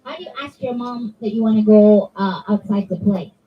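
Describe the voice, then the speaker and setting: A woman's voice: mid-range voice, a little fast, far from the mic, highs cut off. A woman giving an interactive religious talk to children, acting out her examples. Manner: animated, acts out examples in voices. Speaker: children's religious class speaker. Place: religious center hall.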